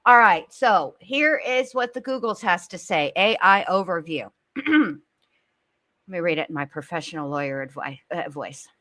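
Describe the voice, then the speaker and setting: A woman's voice: lowish voice, lively intonation, normal speed, sharp tone, no echo. A woman co-hosting a casual commentary chat, pleading earnestly and reading aloud with blunt asides. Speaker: co-host.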